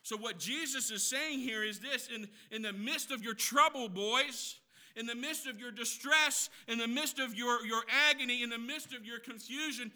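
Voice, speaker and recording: A man delivers an impassioned sermon in a high, piercingly bright voice. He swings from shouted emphasis to hushed teaching and repeats phrases to drive a point home. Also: moderate pace. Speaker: pastor.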